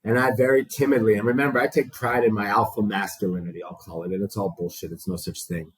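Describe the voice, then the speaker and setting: A man's voice: on the low side, steady tone, quick pace, slightly rough, no room sound, poor audio. A man telling his recovery story to a small group, raw and profane, acting out the dialogue he quotes.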